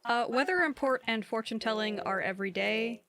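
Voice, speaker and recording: A woman's voice: fairly high pitch, moderate pace, creaky. A woman co-hosting a live game stream, casually explaining the game to her partner. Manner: helpful, explaining. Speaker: streamer co-host.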